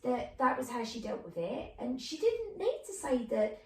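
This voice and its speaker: Animated middle-aged woman telling stories. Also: on the high side, normal speed. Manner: animated storyteller, acts out voices of people in her stories. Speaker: podcast guest, clairvoyant medium. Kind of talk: casual storytelling chat. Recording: roomy, distant mic.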